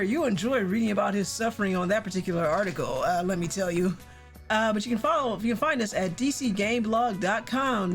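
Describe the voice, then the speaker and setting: A woman streaming a video game, chatting casually with wry, self-interrupting asides. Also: medium pitch. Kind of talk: casual live-stream commentary.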